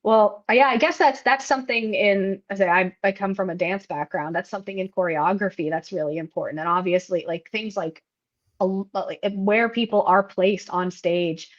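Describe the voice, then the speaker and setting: A woman co-hosting a casual film podcast, talking in a chatty run with lots of "like" and restarts. Her voice sits at a middle pitch. The recording sounds a little dull and lo-fi. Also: moderate pace. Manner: chatty, many fillers and restarts. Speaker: podcast co-host. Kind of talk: casual chat recapping a film.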